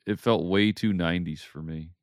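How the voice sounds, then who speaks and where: Deep, gravelly man in casual chat. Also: fairly even intonation, moderate pace, dry recording, clean studio sound. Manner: hesitant, trailing off, laughs often. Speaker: podcast co-host.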